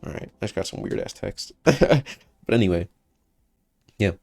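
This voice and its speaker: Rambling young man, lowish voice. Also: expressive, a little slow, gravelly, darkish tone, soft background music. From United States. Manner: casual, swearing, laughing, self-interrupting. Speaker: vlogger. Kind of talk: rambling monologue to camera.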